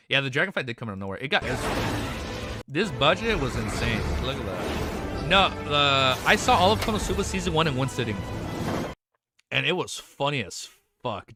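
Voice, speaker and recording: A young man hosting a livestream, chatting casually and excitedly about anime, rambling, swearing freely and restarting his sentences. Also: a little high, no room sound, clean studio sound. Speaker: livestream host. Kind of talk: casual stream chat.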